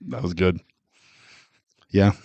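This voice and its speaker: A man with a fairly low voice, recorded close and dry, co-hosting a movie podcast. He talks in a relaxed way, laughs easily and often trails off mid-sentence. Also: slow pace, creaky, dry recording, dull audio. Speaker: podcast co-host. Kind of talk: casual movie chat.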